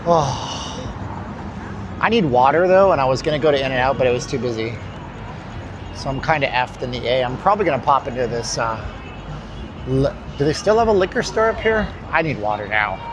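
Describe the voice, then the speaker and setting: A man's voice: mid-range voice, expressive, a little fast, pauses often. Tired man rambling on a noisy street. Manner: rambling, joking, talks to the chat. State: tired and winded. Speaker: livestream host. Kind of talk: casual walking livestream. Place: city street outdoors. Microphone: handheld phone. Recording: phone mic on a noisy street.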